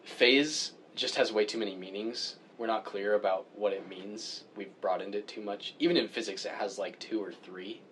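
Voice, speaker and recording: A man with a fairly low voice, talking casually and opinionated as he complains about things that bug him. He gets animated and his pitch jumps up when he is worked up. A faint hum of background noise sits under his voice. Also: normal speed, few pauses. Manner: opinionated, grumbling about pet peeves. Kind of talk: casual chat.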